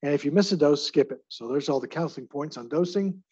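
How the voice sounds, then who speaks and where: A man's voice: fairly high pitch, fast talker, dark tone, slightly rough, muffled recording. A man lecturing on drugs to a live class in a chatty way, asking the audience to vote by raising their hands. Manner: chatty, asks the audience for hand votes. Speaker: pharmacy lecturer.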